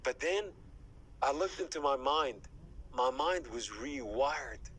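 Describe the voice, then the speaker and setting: A man giving an emotional faith testimony as an interview guest, fervent, with his voice climbing high at its peaks and dropping to a whisper at times. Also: lively intonation, takes it slowly, a bit bright, slight background noise, low-quality recording. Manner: drops to a breathy whisper at times.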